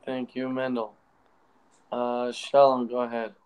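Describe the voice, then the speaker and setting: A man leading an online class discussion over a video call, briskly calling on each speaker in turn. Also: mid-range voice, monotone, a little mellow, clear, resonant tone, dull audio. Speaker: class leader.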